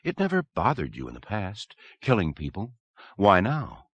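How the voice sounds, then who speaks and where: A cool, professional woman psychiatrist puts each question calmly and with authority, as a man voices her in an audiobook. The delivery is soft and dry, with a low voice that still moves a good deal. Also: moderate pace, slightly rough, dry recording, full character voice. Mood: in control. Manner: calm, commanding.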